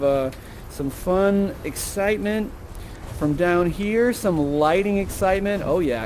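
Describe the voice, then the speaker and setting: Man, high voice, chatty theatre guide, animated, virtual reality headset mic. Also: a little hiss or hum. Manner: chatty, animated, tags lines with okay and right. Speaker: actor and guide of an interactive theatre show.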